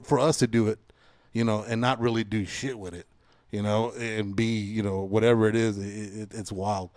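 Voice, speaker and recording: A man in his forties hosting a podcast, telling stories in a casual, profane, animated way. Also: fairly low pitch, dry recording. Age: 40s. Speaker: podcast host. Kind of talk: casual chat.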